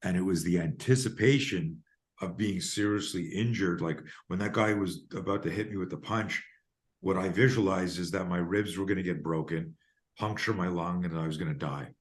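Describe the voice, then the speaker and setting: Deep low guy in his 50s, podcast guest, emphatic and animated when telling stories. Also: moderate pace. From Canada. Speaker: guest, self-defense coach. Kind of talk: podcast interview storytelling.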